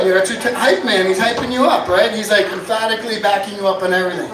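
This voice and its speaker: A man doing a stand-up comedy set, dry one-liners broken up by loud shouted bits, at an inn bar. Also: high voice, steady tone, fast talker, few pauses, crowd noise. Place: inn bar with live audience. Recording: echoey bar room from far off.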